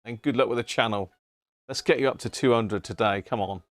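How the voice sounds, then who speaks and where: A man hosts a casual livestream, reading viewer messages aloud, laughing often, and greeting people by name. His voice is medium-pitched and fairly quick, with no echo.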